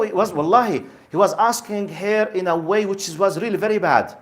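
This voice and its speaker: Man in his fifties, emphatic religious lecturer, fairly high voice, keeps questioning listeners. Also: brisk, few pauses. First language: Arabic. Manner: emphatic, repetitive, asks the audience questions. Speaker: Islamic lecturer.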